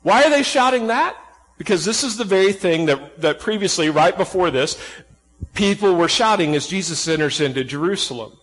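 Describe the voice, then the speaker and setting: A man's voice: high-pitched, lively intonation, moderate pace, fairly bright tone, big-room sound, low-quality recording. A man preaching a sermon, earnest and emphatic, asking the listeners questions and restarting phrases as he goes. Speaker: pastor.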